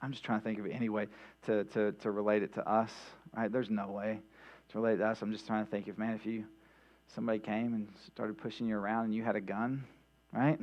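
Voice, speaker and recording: The voice is a pastor's, lowish and a little mellow, with little pitch movement and a slightly fast pace. He delivers a conversational midweek sermon in church, peppered with "right?" and restarts, captured on a dull lo-fi recording with mains hum.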